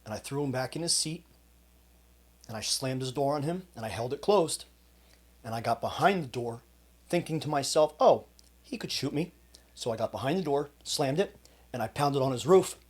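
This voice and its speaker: A man's voice: mid-range voice, expressive, moderate pace, long pauses, husky. A man, a coach hosting his own channel, telling a personal story to camera in an intense, emphatic way. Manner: intense, emphatic retelling with quoted shouts. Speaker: fitness coach and channel host.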